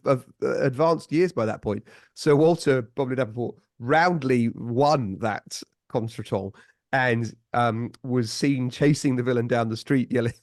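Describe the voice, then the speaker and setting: Man, podcast guest, animated storyteller, frequent chuckles, dry close mic. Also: mid-range voice, dry recording. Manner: animated anecdote-telling, chuckling often. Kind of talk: casual storytelling chat.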